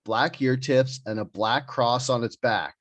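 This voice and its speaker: A man's voice: medium pitch, a little slow, highs cut off. A man hosting a podcast, reading out list entries in a joking casual chat. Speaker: podcast host.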